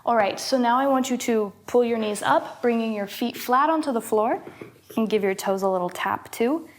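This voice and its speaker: Young woman health coach, kinda high voice, talks you through moves, lots of little laughs and whews. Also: normal speed, a little hiss or hum. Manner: encouraging, laughs often, breathy exhales between cues. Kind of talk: guided movement instruction.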